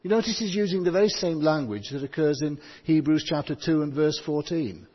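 A man preaching a sermon, reading scripture and slowing down to stress key words. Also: on the high side, husky. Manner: stresses words, slows for emphasis. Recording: dull sound with long hall reverb.

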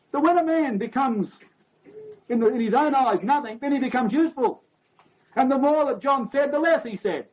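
High-voiced preacher on a dull recording. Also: male voice. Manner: emphatic, drops to hushed near-whisper on quoted lines. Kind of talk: sermon.

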